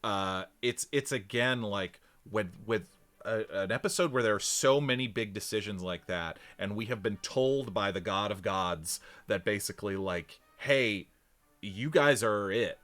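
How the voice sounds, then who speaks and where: A man's voice: lowish voice, moderate pace, fairly bright tone. A man co-hosting a casual chat about a tabletop game, rambling and trailing off, laughing often. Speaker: podcast co-host.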